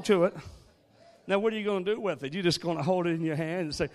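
A man's voice: high-pitched, fast talker. A man preaching a sermon, moving from joking asides to rising call-and-response exhortation. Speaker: guest preacher.

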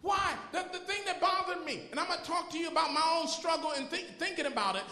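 A male pastor with a very high, sharp voice preaches, building to fervent shouts and firing rhetorical questions at his listeners. His words ring through an echoey hall with a long reverb tail. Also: fast talker. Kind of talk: sermon.

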